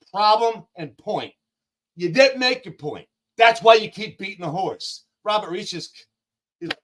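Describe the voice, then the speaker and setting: A man with a notably high voice rants as a call-in guest, blunt and full of swearing. His points come in rapid-fire jabs. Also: animated, fairly bright tone, low-quality recording. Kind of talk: heated profane rant.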